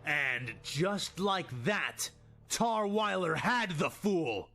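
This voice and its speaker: A male narrator reads a sci-fi fan story with dramatic flair. He takes his time, and his slightly high voice rises and falls in lively arcs. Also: very slow, creaky, faint music behind. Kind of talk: scripted narration of fan fiction.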